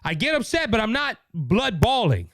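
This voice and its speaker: Cajun man, high lively voice, dry close sound, fired-up political host rant. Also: moderate pace, no echo. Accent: Cajun Louisiana. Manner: indignant, repetitive, mocking. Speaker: political talk show host. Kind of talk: opinionated political commentary.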